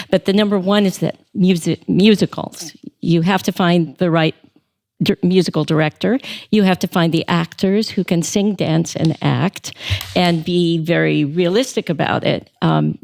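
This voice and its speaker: Gravelly low-voiced woman director. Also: darkish tone. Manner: enthusiastic, explanatory. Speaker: theatre director. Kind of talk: casual interview chat.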